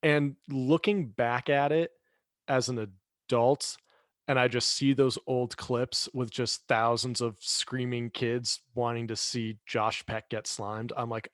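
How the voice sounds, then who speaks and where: A man's voice: mid-range voice, fairly even intonation, slow, no echo, studio quality. A man hosting a podcast, gushing with praise as he asks his questions. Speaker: podcast host. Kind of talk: casual interview.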